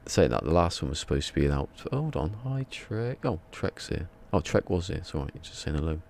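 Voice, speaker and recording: Low gravelly English man streaming. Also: very animated, fairly quick, darkish tone, slight background noise. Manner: chatty, rambling, chuckles while reading chat. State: a bit drowsy. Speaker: live streamer. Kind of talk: casual live-stream chat.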